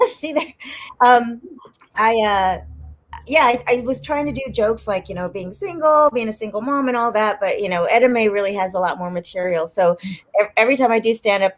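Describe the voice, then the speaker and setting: A woman talking as a guest on a chat show, telling a long story in a rambling, animated way and laughing often. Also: medium pitch. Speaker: guest actress and comedian. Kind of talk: casual chat.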